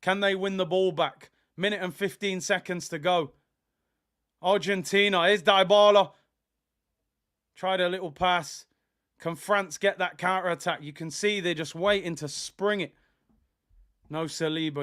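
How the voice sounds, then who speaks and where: A young man calls a football match live for his viewers. His voice is high and bright, and he breaks into excited shouts whenever a chance comes. He chats in casual slang between the big moments. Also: unhurried, pauses often, clear, resonant tone. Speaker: watch-along host. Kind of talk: live football watch-along commentary.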